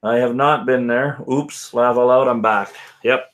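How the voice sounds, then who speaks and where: A man's voice: medium pitch, fairly even intonation, measured pace, fairly bright tone. A man hosting a casual whisky live stream, rambling and chatting with viewers by name. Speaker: livestream host.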